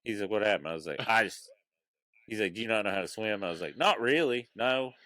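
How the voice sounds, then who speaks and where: A man's voice: fairly low pitch, fast talker, bright, forceful tone, no echo. A man casually telling a funny story on a podcast, swearing and acting out the voices of the people he quotes. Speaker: comedian guest.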